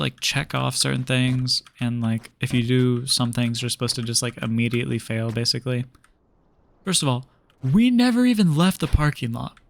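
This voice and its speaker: Gravelly young man ranting mid-game. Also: mid-range voice. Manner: rambling, exasperated, many fillers. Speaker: streamer. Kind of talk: casual storytelling while gaming.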